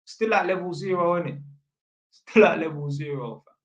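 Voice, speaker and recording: A man tells a story in a rambling, slang-heavy way, stopping and restarting often. His voice sits a little high for a man. The sound is roomy, with a clear echo around him. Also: normal speed, highs cut off. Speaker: electrician. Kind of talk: storytelling vlog.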